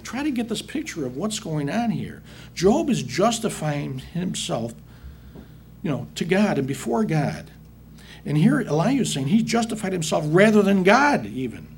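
A man preaches a sermon in a fairly high, sing-song voice at a normal pace, with a slight hiss or hum in the background. He reads Bible verses aloud, then restates them in plain everyday language, addressing his listeners as brethren.

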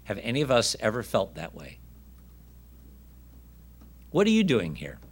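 A man's voice: on the low side, wildly swooping pitch, unhurried, husky. A man preaching a sermon who reads scripture aloud, acts out its voices and asks his listeners questions.

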